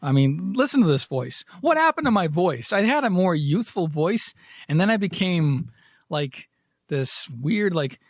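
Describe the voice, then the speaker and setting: Male podcast host, raspy, a touch high, dry close sound with faint music under him, loose self-mocking ramble. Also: big pitch swings, measured pace, no echo. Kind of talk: casual rambling chat.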